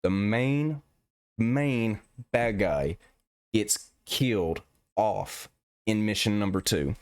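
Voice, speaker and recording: A man's voice: on the low side, slow, no echo, clean studio sound. A man giving a profane, exasperated rant as a gaming commentator. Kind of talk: ranting video commentary.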